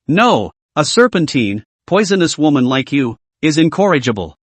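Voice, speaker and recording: A man's voice: on the high side, very animated, normal speed, husky, dry recording. Man voicing a cold vengeful emperor. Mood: scornful. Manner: cold, scornful.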